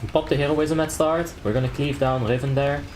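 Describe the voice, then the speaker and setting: A young Dutch man chats casually on a game stream, joking around, reading chat out loud and calling raid tactics. His voice sits fairly high with fairly even intonation and a brisk pace, the tone darkish with a little hiss or hum. He comes across laid-back and jokey, reading chat aloud and laughing often.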